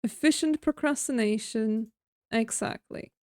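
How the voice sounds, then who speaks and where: A woman's voice: fairly high pitch, unhurried, darkish tone, no room sound. A woman streaming a game, chatting casually and thinking aloud while she builds, mocking herself now and then. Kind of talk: casual gameplay commentary.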